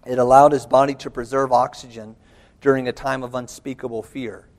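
A man preaching a sermon, telling a rescue story dramatically, swinging between quiet asides and loud, urgent lines. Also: mid-range voice, little pitch movement, brisk, in a large hall.

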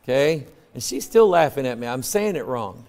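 A male preacher delivering a sermon in a folksy, conversational way, swinging from loud emphatic peaks to low quiet asides. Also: big pitch swings, normal speed. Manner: folksy, conversational, acts out quoted voices.

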